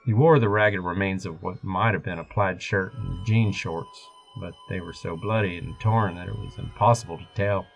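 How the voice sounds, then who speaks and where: A man narrating a first-person horror story in a steady, measured way. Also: sits low, gravelly, poor audio. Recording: music bed behind voice.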